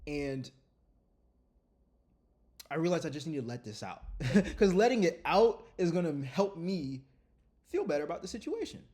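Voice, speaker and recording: A man vlogging openly to his viewers, earnest and lively, often repeating his phrases. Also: fairly high pitch, normal speed, long pauses. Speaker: content creator. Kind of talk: candid vlog talk.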